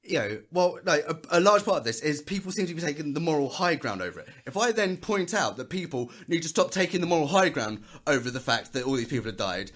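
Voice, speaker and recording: A man's voice: fairly high pitch, very animated, fast, few pauses, fairly bright tone. A man in casual podcast chat, rambling and sweary, acting out what others said. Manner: rambling, sweary, mimics others in quoted voices. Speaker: podcast co-host.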